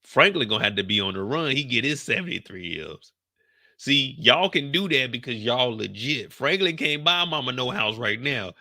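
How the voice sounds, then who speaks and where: A man hosting a live after-show, talking in a loose, profane, animated way. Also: moderate pace. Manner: animated, profane, swings into high exclaiming bursts. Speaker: show recap host.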